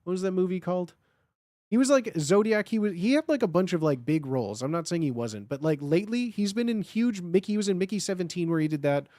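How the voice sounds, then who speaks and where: A man's voice: sits high, animated, mellow, no echo. A man chatting casually as a guest on a livestream, rambling and full of filler words. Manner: rambling, with lots of filler words, and quick laughs. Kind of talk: casual chat.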